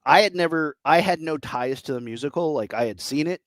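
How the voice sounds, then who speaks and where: A man's voice: fairly high pitch, fairly quick, no room sound. A man in his thirties co-hosting a casual podcast chat, enthusiastic and rambling, often acting out what people said. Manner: enthusiastic, rambling, acts out quotes. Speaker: podcast co-host.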